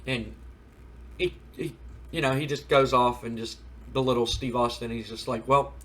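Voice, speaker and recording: A man's voice: mid-range voice, fairly even intonation, moderate pace. A man hosting a gaming video, casually retelling a wrestling storyline with rambling fillers. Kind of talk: casual let's play narration.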